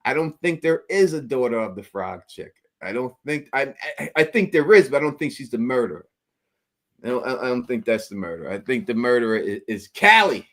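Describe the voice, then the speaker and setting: A man hosting a casual call-in livestream, animated and quick to laugh, often tripping over his words. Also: medium pitch. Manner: animated, laughs often, stammers through restarts. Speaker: livestream host.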